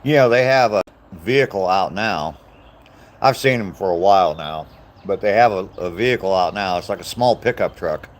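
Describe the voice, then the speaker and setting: Low-voiced older American man rambling. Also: moderate pace. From United States. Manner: rambling, jokey, laughs at own stories. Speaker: live-stream host. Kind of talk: casual chat with live chat viewers. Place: outdoors on a walk.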